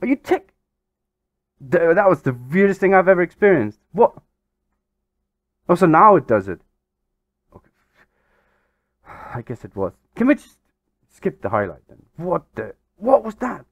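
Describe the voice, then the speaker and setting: A man commenting on his own football management game. His pitch swings widely as he goes from quiet grumbling to sudden disbelief. He is recorded on a dull, lo-fi mic in a dry room with no echo. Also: normal speed, pauses often. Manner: exasperated, excitable, swears mildly. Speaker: gaming channel host. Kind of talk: let's-play commentary.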